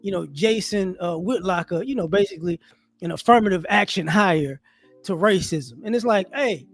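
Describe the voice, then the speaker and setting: A man giving casual monologue commentary as an online commentator, animated and rhetorical, often restarting his sentences. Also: high voice, normal speed, creaky, faint music behind.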